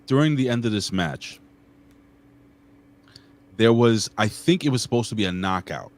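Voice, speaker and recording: Deep-voiced profane man chatting casually. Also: normal speed. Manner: loose, profane, animated storytelling. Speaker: co-host. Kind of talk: casual podcast chat.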